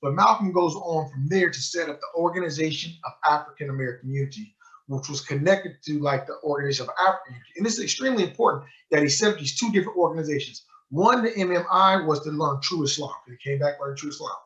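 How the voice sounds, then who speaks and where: A man's voice: on the high side, quick pace. A man giving a book club talk as a sheikh, telling a story with energy and acting out quoted dialogue. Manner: animated storyteller who acts out quoted dialogue. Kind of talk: storytelling lecture. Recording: muffled lo-fi recording.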